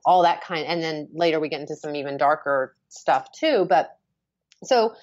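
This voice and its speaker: A woman author chatting as an interview guest, talking in an animated way and laughing often. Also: deep voice, moderate pace, dry recording, dull audio. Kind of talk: casual interview chat.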